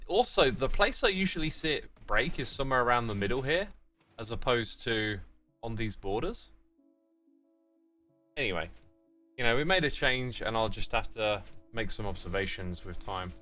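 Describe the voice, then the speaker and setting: Bright, lively British man streaming. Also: medium pitch, moderate pace, faint music behind. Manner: thinking aloud and chatting with viewers. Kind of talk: casual livestream commentary.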